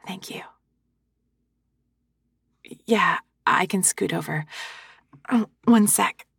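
A woman voicing a hungover young woman who swears and apologizes to the listener in an audio role-play, with halting, self-deprecating talk, close to a sensitive microphone. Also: lowish voice, gravelly, fairly bright tone, slightly rough, no room sound, heavily acted. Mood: sheepish.

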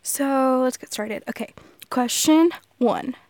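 A woman's voice: high voice, takes it slowly, a little mellow, dry recording. A woman from Texas with a Southern accent, chatting casually and goofily in a solo audio, laughing often and swearing casually. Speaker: audio creator.

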